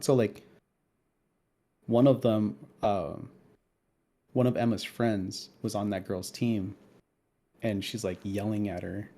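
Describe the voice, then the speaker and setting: A man in his thirties, co-hosting a podcast, works through a story slowly with long pauses, his pitch fairly low. The chat is casual, but his storytelling is lively and profane, packed with swearing and heated digressions.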